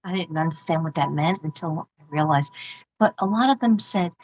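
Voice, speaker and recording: A middle-aged former teacher from Staten Island with a New York accent hosts a livestream, reading mail and chatting casually, rambling and laughing often. Her voice is low and darkish, and she talks fairly quickly. The audio is poor, with slight background noise.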